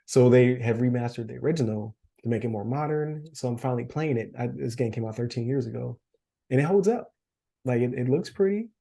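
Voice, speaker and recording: A man's voice: mid-range voice, fairly quick, creaky, mellow. A man co-hosting a podcast in casual chat, losing his voice, rambling with fillers and frequent laughs. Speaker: podcast co-host.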